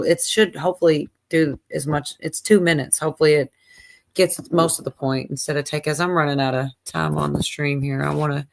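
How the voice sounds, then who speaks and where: A woman hosting a livestream, chatting loosely and rambling as she sets up a clip. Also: deep voice. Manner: rambling, chatty, self-deprecating. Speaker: livestream host. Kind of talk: casual livestream chat.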